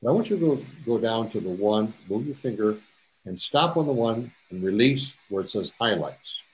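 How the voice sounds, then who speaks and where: A man's voice: on the low side, animated, moderate pace. A man teaching a step-by-step photo editing tutorial, chatty, repeating himself and dropping jokey asides. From Canada. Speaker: photography instructor. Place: presentation to a camera club.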